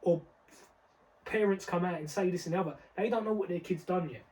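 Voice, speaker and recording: A man's voice: sits high, fairly quick, a little mellow, distant mic, low-quality recording. A young man, talking in a casual podcast discussion, emphatic and full of street slang, often repeating words as he builds his point. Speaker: podcast co-host.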